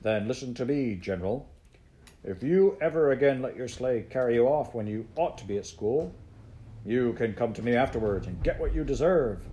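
A man voicing a stern, teasing old mountain grandfather who talks in gruff, mock-military tones. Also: mid-range voice, lively intonation, moderate pace, warm tone, close to an everyday voice.

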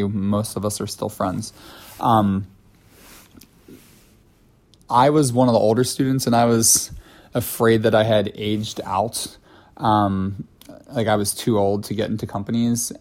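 A man hosting a solo podcast about dancing, chatty and self-mocking, with frequent ums and light laughs. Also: fairly low pitch. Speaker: podcast host and ballet dancer.

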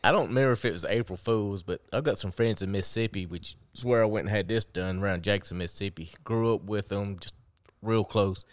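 A man telling a prank story in a relaxed, drawling way on a chat show. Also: deep voice, no echo, clean studio sound. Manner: drawling, laid-back, laughs between lines.

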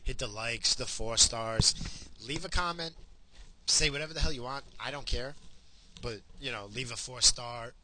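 A man's voice: mid-range voice, moderate pace, background noise. A man in his forties hosting his own podcast, rambling and swearing through a casual rant. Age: 40s. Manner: profane, rambling, ranting. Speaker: podcast host.

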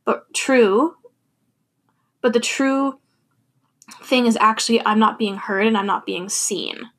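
A woman's voice: on the high side, slow pace. A young adult woman talking candidly and thoughtfully about her feelings in a personal monologue, laughing now and then.

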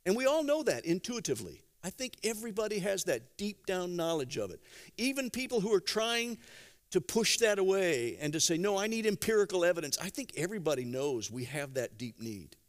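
A man preaching a sermon, telling stories conversationally with gentle humor and acting out quotes. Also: sits high, normal speed. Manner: animated storytelling with acted-out quotes. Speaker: pastor.

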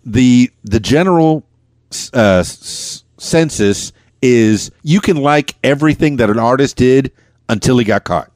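A man's voice: medium pitch, measured pace, darkish tone, dry recording, studio quality. Rambling self-deprecating middle-aged man. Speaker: podcast host. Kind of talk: casual podcast chat.

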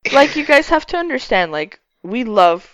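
A woman's voice: a little high, big pitch swings, normal speed, fairly bright tone, no room sound. A woman chatting casually with her husband on a vlog, blunt and self-mocking, swearing freely. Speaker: vlogger, wife. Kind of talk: casual couple chat.

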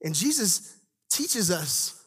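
A young man giving a conversational, animated sermon as a church staff speaker, dropping into low asides and rising for emphasis. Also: slow, breathy edge.

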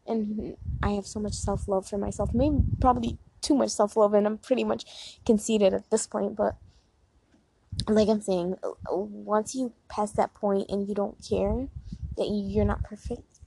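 A woman's voice: medium pitch, fairly even intonation, measured pace, gravelly, warm tone, a little hiss or hum, poor audio. A young woman chatting casually and leading affirmations, rambling and filling her talk with "like" and "um". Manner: rambling, heavy use of "like" and fillers. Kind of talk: casual chat and guided affirmations.

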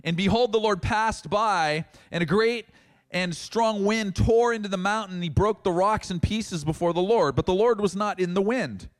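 Male pastor, high-pitched, animated sermon delivery with acted dialogue. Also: normal speed. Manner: animated preaching, acting out dialogue in voices.

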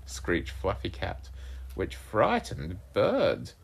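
A woman reading picture books aloud to her young child at home in a playful, animated way. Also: a bass voice, takes it slowly, gravelly, slightly rough.

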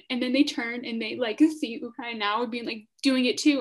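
A woman's voice: a little high, steady tone, brisk, few pauses, a little mellow. A young woman co-hosting a podcast, gushing with enthusiasm in casual fan chat. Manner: enthusiastic, gushing, heavy use of "like". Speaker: podcast co-host.

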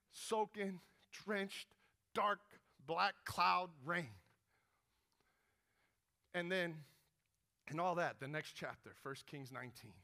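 A man preaches with real animation, acting out prayers as he retells a story. His voice sits high and has a gravelly edge. He swings from urgent pleas down to a near hush. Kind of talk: sermon with dramatized retelling.

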